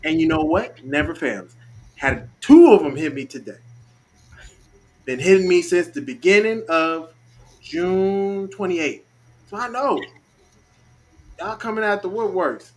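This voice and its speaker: A man's voice: sits high, lively intonation, unhurried, long pauses. Laughing slangy man hosting a stream. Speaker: host. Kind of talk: casual livestream chat.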